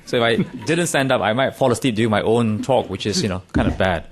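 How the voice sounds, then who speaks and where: A man's voice: fairly low pitch, fast talker, slight background noise. A middle-aged man from Singapore giving a conference talk in a wry, self-deprecating way, with emphatic stresses. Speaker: conference speaker. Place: conference room.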